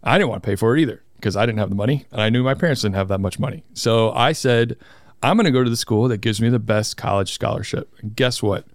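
A man's voice: lowish voice, fast, dry recording. Chatty man, a bit nervous, dry mic. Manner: nervous, chatty, self-deprecating. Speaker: guest, squadron commander. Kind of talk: casual podcast interview.

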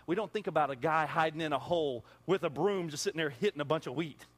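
A pastor preaching a sermon in an animated way, full of rhetorical questions. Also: male voice, on the high side, quick pace.

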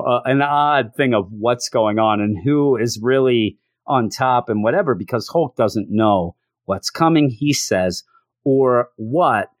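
A man's voice: mid-range voice, no room sound, clean studio sound. A man giving a rambling, casual comic book review and often acting out the characters' lines as he goes.

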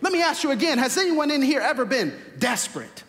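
High-voiced, bright preaching man. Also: very animated, fast, in a large hall. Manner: preaching with rising, emphatic repetition. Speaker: pastor. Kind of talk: sermon. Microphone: camera mic, livestream to viewers.

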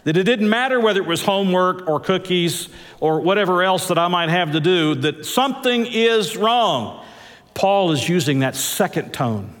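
A man preaching a sermon as pastor, swinging his pitch and drawing words out for emphasis. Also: lively intonation, normal speed, a bit bright. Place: large church hall. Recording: echoey church hall.

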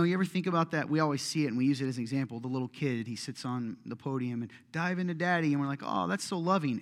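With a fairly high, fairly bright voice, a middle-aged pastor preaches conversationally and with passion. Along the way he dramatizes prayers and complaints aloud.

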